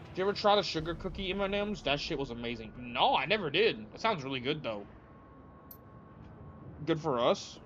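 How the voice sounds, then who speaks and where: Young man, game streamer, laid-back rambling, bright voice, dull lo-fi sound. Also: a little high, lively intonation, fairly quick, a little hiss or hum. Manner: rambling, laid-back, says "dude" often. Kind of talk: casual chat with viewers while playing. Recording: lo-fi, dull sound with faint music.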